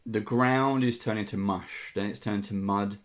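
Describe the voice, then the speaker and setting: A man narrating a tabletop game as game master, descriptive and unhurried with frequent ums. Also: fairly low pitch, fairly even intonation, slight background noise.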